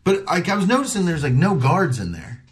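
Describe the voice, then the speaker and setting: A man's voice: fairly high pitch, big pitch swings, brisk. A comedian telling a story in casual chat. He acts out the voices of people he quotes and swears freely.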